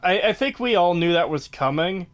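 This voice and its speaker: A man's voice: sits high, lively intonation, moderate pace. A man co-hosting a podcast in casual chat, blunt and offhand, swearing freely. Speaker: podcast co-host.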